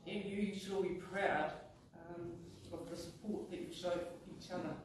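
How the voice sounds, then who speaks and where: A man giving closing remarks as a hearing commissioner, halting, with many fillers. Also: sits high, level tone. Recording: echoey hall from far off with noise.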